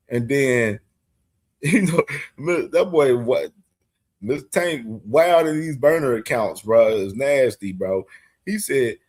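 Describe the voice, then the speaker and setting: Young male streamer-host, unhurried slangy chat, slightly high voice, repeats lines, laughs a lot. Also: expressive, darkish tone, breathy edge. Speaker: boxing show host. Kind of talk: casual streamed commentary.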